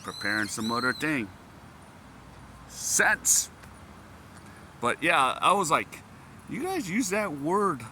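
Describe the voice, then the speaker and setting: Man from the US, casual vlogger, bright tense tone, constant laughter and amused asides, faint noise behind. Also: fairly low pitch. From United States. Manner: laughs often, breaks into amused exclamations. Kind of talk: casual vlog chat.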